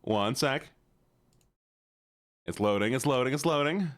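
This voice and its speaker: Guy streamer chatting w his viewers, playful and teasing, pitch jumps all over, dry sound. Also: animated, unhurried, no room sound. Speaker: live streamer. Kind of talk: casual live-stream chat with viewers.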